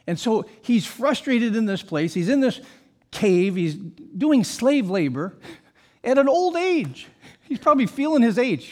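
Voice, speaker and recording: A man with a high voice preaching a sermon from the pulpit. He is an emphatic pastor who keeps asking the congregation rhetorical questions. He slips easily into casual asides. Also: sing-song, measured pace, a little mellow.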